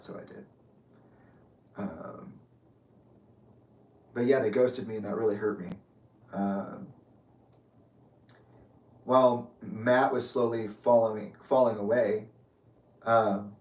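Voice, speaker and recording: Man sharing a personal story, rambling and candid, mic set back in an echoey room. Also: medium pitch. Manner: rambling, filler-heavy, candid. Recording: roomy sound from a distant mic.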